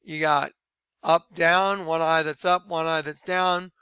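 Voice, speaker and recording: A man preaching and telling his conversion story in an earnest sermon style, dropping to a hushed voice when he quotes. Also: fairly high pitch, steady tone, takes it slowly, clean tone, no room sound. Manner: earnest, drops to quiet hushed tones when quoting.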